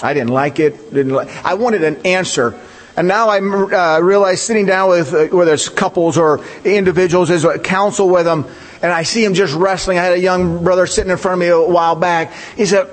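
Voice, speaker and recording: High-voiced male pastor in a reverberant hall. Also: normal speed. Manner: conversational, rhetorical questions, animated emphasis. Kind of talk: sermon.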